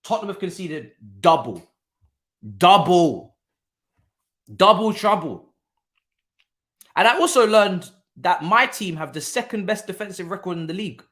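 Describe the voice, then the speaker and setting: A young man hosting a casual live football watchalong, talking in an animated, repetitive way with lots of slang and laughter. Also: sits high, a little fast, hardly any pauses. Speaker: watchalong host. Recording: roomy echo.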